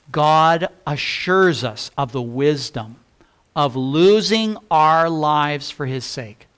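Slow, emphatic male preacher. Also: on the high side, fairly bright tone. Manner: deliberate, emphatic scripture reading with repeated phrases. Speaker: pastor. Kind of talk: sermon.

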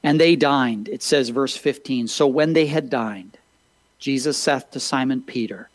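A man's voice: medium pitch, measured pace, no room sound, low-quality recording. A man pastor preaching a sermon, reading scripture and asking listeners rhetorical questions, with frequent "uh" fillers.

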